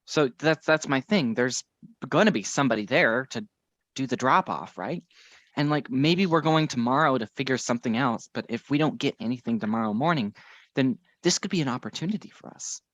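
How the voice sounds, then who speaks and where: A man's voice: mid-range voice, lively intonation, brisk, a bit bright, no echo, highs cut off. Man thinking aloud at a game table. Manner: thinks aloud, tentative and searching. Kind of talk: casual chat at a game table.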